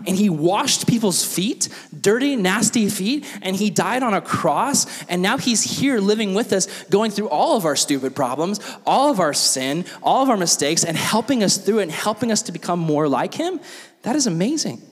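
Lively young man preaching to youth. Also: sits high, moderate pace, long reverb tail. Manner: animated storytelling with lots of acted quotes and "like". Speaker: youth pastor. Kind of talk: youth sermon.

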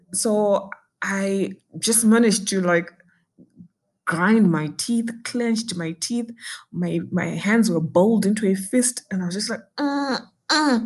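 A young Zimbabwean-accented woman on a podcast recounts a personal ordeal in emotional, intense, and indignant storytelling, switching between English and Shona. Her voice is medium-pitched and husky.

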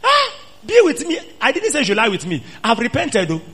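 A man preacher voicing a scheming, seductive married woman who coaxes and pleads, then cries out in shrill accusation. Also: wildly swooping pitch, brisk, pushed and bright, slightly rough, exaggerated voice. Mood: pleading.

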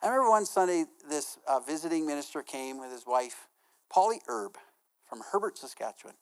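Middle-aged male pastor, animated sermon delivery, acts out quotes, softens for stories. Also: a little high, brisk, clean tone. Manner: lively, acts out quotes with laughs.

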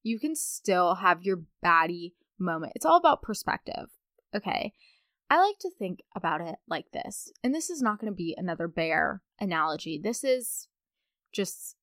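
A woman's voice: medium pitch, sing-song, normal speed, fairly bright tone, no echo, clean studio sound. A young adult woman hosting a casual solo podcast, chatting in a rambling way with playful asides. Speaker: podcast host.

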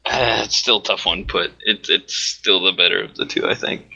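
A man in a casual group chat, animated and quick to laugh. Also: sits low, vocal fry, dull audio, a little hiss or hum.

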